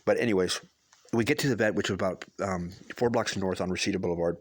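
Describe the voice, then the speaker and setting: Low-voiced guy rambling thru a story, lots of restarts, dry close mic. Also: fast talker, no room sound. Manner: rambling, with many restarts and fillers; earnest, swears for emphasis. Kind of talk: casual personal storytelling.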